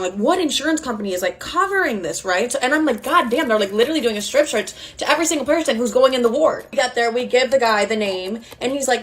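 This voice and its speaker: A woman's voice: on the high side, animated, quick pace, hardly any pauses, fairly bright tone. A woman in her twenties telling a profane, chatty story about her family, full of quoted dialogue. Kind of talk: casual storytime.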